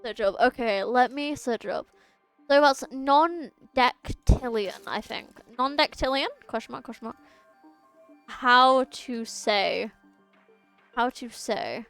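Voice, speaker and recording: Young female game streamer, bright high register, casual and self-mocking, soft music underneath. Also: takes it slowly, creaky, clear, resonant tone. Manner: chatty, stumbles over long words, laughs at herself. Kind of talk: casual chat while reading game dialogue aloud. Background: faint game music.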